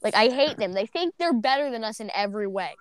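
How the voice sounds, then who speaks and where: A woman's voice: a little high, animated, fast, clean tone, no echo, clean studio sound. A woman in a casual podcast chat, ranting bluntly and swearing freely.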